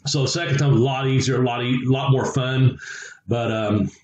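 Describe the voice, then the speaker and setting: A man's voice: mid-range voice, fairly even intonation, moderate pace, darkish tone, reverberant, slight background noise, rough recording. A man, a former wrestler, telling stories in a rambling, chuckling way and acting out quoted voices. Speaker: podcast co-host, former wrestler. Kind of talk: casual storytelling chat.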